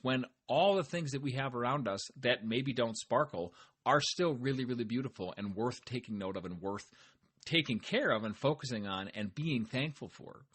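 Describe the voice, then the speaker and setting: A man's voice: mid-range voice, fairly bright tone, slightly rough. A man hosting his own podcast, talking in a casual, upbeat way and often speaking straight to his listeners. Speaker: podcast host; farmer. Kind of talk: casual motivational monologue.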